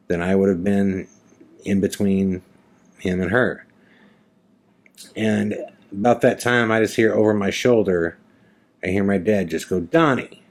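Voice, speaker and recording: A man with a very low, deep voice recounts a personal story as a podcast host. He talks loosely and conversationally, often restarting sentences and leaning on fillers. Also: a little mellow.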